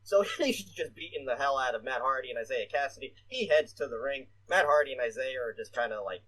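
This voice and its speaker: A man's voice: medium pitch, animated, fairly quick, pushed and bright, low-quality recording. A man co-hosting a casual podcast, rambling with lots of "uh" fillers and casual swearing. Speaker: podcast co-host. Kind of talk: casual wrestling podcast chat.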